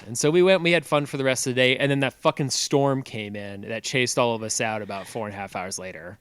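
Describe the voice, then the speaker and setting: Bright, crisp-voiced man telling a story. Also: medium pitch, fast, hardly any pauses, no room sound. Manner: profane, animated storytelling that swings into loud yelling. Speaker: podcast co-host. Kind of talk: casual storytelling chat.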